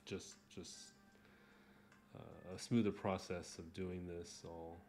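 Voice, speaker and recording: A man hosting a drawing livestream, talking casually while he sketches, rambling and joking at his own expense, often trailing off into soft mumbles. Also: low voice, level tone, takes it slowly, soft background music. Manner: rambling, jokey and self-mocking.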